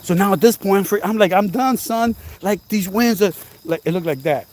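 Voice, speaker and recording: A man vlogging outdoors at night, telling a story in an animated, repetitive, exclaiming way, now and then coughing. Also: high-pitched, brisk, slight background noise. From New Jersey. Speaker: channel host. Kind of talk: casual storytelling vlog.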